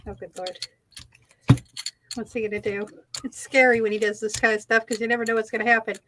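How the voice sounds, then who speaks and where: A woman's voice: fairly high pitch, flat delivery, a little fast, very noisy. A woman co-hosting an art live stream, chatting casually and wryly as she paints. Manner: chatty, wry, with quiet asides. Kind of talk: casual chat while painting.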